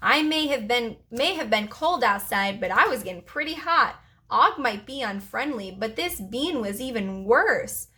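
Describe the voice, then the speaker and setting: A preschool teacher reads a children's chapter book aloud to her class, telling the story expressively. Her voice is a little high and her pace unhurried.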